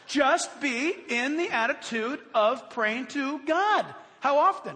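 A man preaching a sermon, animated, acting out prayers and asking his congregation questions. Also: very high voice, takes it slowly, few pauses. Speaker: pastor. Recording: long hall reverb.

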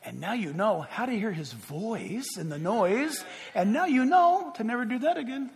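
A man's voice: very high-pitched, big pitch swings, normal speed, vocal fry, full character voice. A man voicing God in a sermon, blunt, matter-of-fact and kindly. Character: God, patient, fatherly, blunt, merciful. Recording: long echo of a large hall.

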